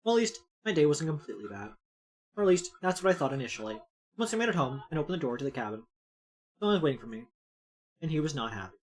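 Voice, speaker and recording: A woman voicing a hurt, sensitive goth girl narrating a visual novel in a quiet, subdued way. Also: sits low, very animated, quick pace, long pauses, voice pushed down.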